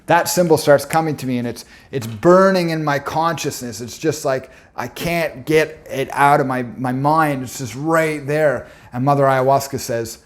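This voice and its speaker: A man's voice: medium pitch, normal speed, hardly any pauses. A young man telling a personal story in an earnest, intense way, often stopping to restart his words.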